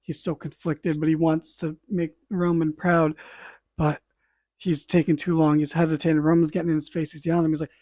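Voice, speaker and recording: Man, podcast host, casual recap, animated play-by-play, fairly high voice, dry close sound. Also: brisk, no room sound. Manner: animated play-by-play retelling with asides and swearing.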